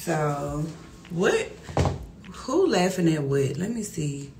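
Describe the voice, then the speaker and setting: A middle-aged woman talking casually on a livestream, loud and animated, laughing often. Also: deep voice, slow pace, background noise. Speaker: livestream host. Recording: echoey room with music behind.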